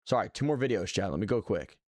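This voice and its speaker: A man's voice: on the low side, lively intonation, fast talker, darkish tone, no echo, clean studio sound. A man streaming live, reacting to his old videos with joking, sarcastic, self-mocking commentary.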